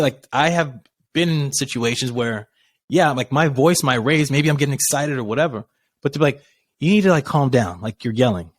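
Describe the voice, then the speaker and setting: A man co-hosting a podcast in casual chat, animated and passionate, his voice rising as he gets into it. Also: mid-range voice, no echo. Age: adult with a child. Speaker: podcast co-host.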